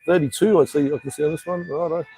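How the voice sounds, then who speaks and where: A man chats loosely on a live stream, cracking jokes and swearing without a second thought. His voice has a husky edge, and he rambles in an easygoing, slangy way. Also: a little high, fairly even intonation, quick pace, warm tone, no echo. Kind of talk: casual live stream chat. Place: living overseas in Cambodia.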